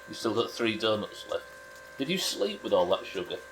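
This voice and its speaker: Against some background noise, a man from Britain talks at a moderate pace in a fairly low voice that swings widely in pitch. He's streaming a driving game and bantering drily with his chat in a casual way.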